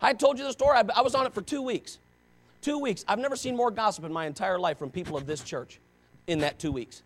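High-voiced man preaching with passion. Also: animated, fast talker, a bit bright. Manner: impassioned, conversational preaching with many rhetorical questions. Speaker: pastor. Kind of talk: sermon.

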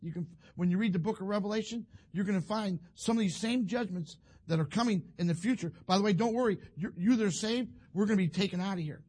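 A male preacher, giving a folksy sermon that builds to fervent shouting. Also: high voice, fast talker, breathy edge.

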